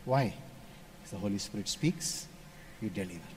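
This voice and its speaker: A man from India, preaching a sermon and telling stories, switching between loud emphasis and hushed asides. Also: on the low side, moderate pace, a little hiss or hum. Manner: storytelling, animated shifts between loud and hushed.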